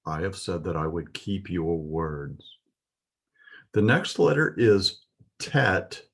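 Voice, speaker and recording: A man's voice: sits low, slow, husky. A man teaching a Hebrew alphabet lesson, patiently explaining and pointing out letters.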